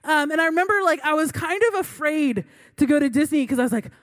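A young adult woman preaches a sermon by telling a funny personal story. Her voice is high-pitched and her speed normal, and she is chatty and self-mocking, laughing between lines.

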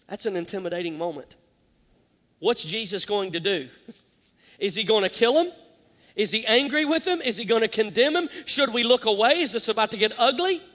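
A man preaching a sermon as pastor, dramatic and shifting between loud and hushed. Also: very high voice. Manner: dramatic, varies loud and soft, quotes scripture. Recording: long hall reverb.

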